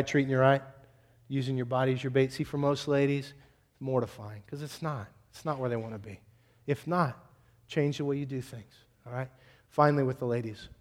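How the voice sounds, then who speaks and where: Blunt, exhorting male pastor. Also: medium pitch. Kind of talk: sermon.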